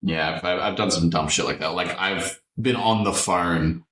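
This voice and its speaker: A man's voice: low voice, normal speed, fairly bright tone. A man chatting casually, swearing freely and laughing at himself. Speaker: podcast guest. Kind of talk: casual chat. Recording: echoey room, off mic.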